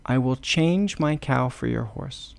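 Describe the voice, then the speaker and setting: Man doing friendly storybook shepherd, slow and gravelly. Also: mid-range voice. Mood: obliging. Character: obliging male country shepherd.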